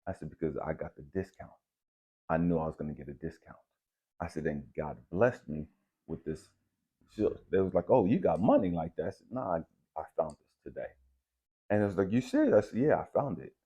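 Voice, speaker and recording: Low, mellow-voiced man telling a story. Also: brisk, slightly rough, lo-fi sound. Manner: relaxed, conversational, uses slang like bet and dap. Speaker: channel host. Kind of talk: casual spiritual storytelling.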